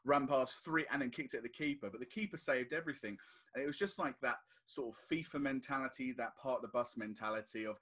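Talking at a quick pace in a medium-pitched voice, this football podcast co-host animates his stories by performing other people's quotes.

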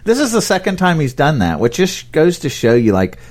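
A man co-hosting a podcast, explaining Bible stories in a relaxed, conversational way and laughing often. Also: a little high, a little fast. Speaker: podcast co-host. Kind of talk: casual Bible discussion.

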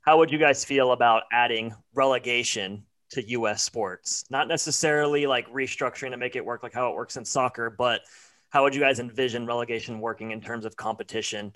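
A man's voice: medium pitch, fairly quick, fairly bright tone. A young man hosting a sports podcast, chatting casually and reading a listener question. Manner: upbeat, reads listener questions. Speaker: podcast co-host.

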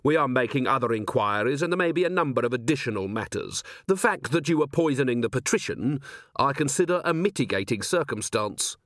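A man's voice: mid-range voice, expressive, brisk, a bit bright, no echo, close to an everyday voice. A man voicing a weary, blunt male watch commander who talks in a dry, clipped way. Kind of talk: audiobook character voice.

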